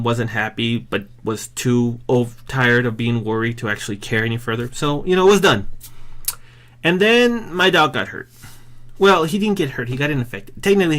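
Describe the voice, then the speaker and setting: A man's voice: medium pitch, fairly bright tone. A man talking straight to camera in a casual, rambling vlog, self-deprecating and often restarting his sentences. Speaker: vlogger.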